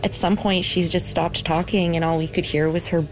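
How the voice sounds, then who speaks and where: A young adult woman telling a personal story in an earnest, halting way, full of "like" fillers. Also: on the low side, flat delivery. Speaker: interviewee. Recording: music bed underneath.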